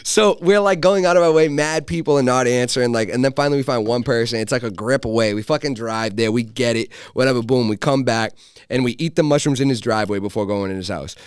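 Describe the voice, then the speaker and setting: A young man, a podcast guest, telling a loose, animated story full of swearing and filler "like"s. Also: medium pitch, fast, smooth, no room sound, clean studio sound. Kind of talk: casual storytelling.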